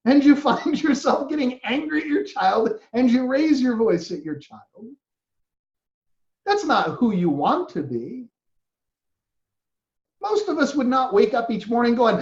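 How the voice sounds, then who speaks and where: A man giving a reflective spiritual talk as a teacher, gentle and earnest, sometimes acting out inner voices. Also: high-pitched, very animated, unhurried, pauses often. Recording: roomy, dull lo-fi recording.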